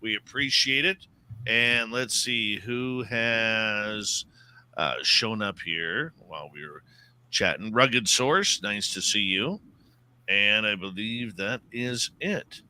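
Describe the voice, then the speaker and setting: A man's voice: fairly low pitch, animated, slow, sharp tone. A man hosting a paranormal radio show, chatting casually and reading out announcements. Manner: upbeat, plugs the show.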